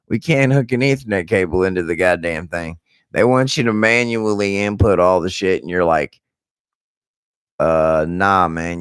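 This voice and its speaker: A man with a hoarse, scratchy, deep voice after losing it from yelling, ranting profanely in a casual vlog. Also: no room sound, clean studio sound. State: hoarse, lost voice. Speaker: vlogger.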